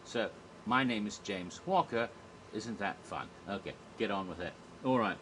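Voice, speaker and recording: A man's voice: lowish voice, moderate pace, a bit bright, a little hiss or hum. A man vlogging in a casual, rambling monologue, digressive, chuckling at his own jokes with many fillers.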